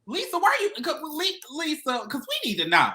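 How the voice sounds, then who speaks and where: A woman's voice: high-pitched, normal speed, a loud crowd. A woman co-hosting a casual chat show, telling stories with lots of laughter. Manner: animated storytelling, laughing often. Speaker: co-host.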